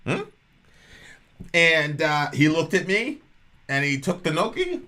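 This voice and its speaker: A man's voice: on the high side, sing-song, slow, sharp tone. A man co-hosting a podcast, telling family stories in casual banter and teasing his partner in an argumentative way. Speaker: podcast co-host.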